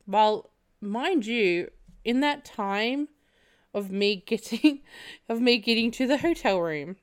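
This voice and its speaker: A woman's voice: on the high side, takes it slowly. A young woman hosting a podcast, telling a funny personal story with lots of laughing and casual swearing. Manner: animated, laughs often while telling, swears freely. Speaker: podcast host.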